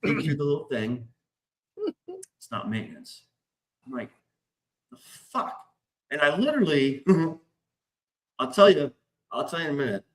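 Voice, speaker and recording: Middle-aged male podcast host, raised pitch, excitable, profane, chatty storyteller. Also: moderate pace, pauses often. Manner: excitable, heavy swearing. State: stressed, hyped up. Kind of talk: casual storytelling.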